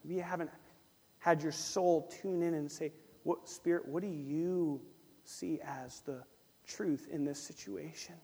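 A man preaches with a fairly high voice, acting out small back-and-forth exchanges and repeating key phrases. His words ring out with a long reverb that fills the church hall. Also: measured pace, creaky, breathy edge. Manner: animated preaching, acts out little dialogues, repeats phrases. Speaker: pastor. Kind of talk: sermon.

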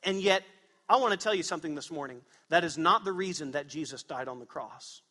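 A male pastor preaching a sermon in a church, his voice high and bright. He presses his points hard and throws questions out to the congregation. The sound rings with a long hall reverb. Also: a little fast. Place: church sanctuary.

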